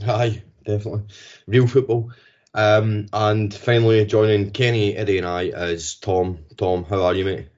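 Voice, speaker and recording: A man's voice: fairly low pitch, flat delivery, normal speed, a little mellow. A man hosting a casual football podcast, chatty, with frequent ums and restarts. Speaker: podcast host. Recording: dull lo-fi podcast audio.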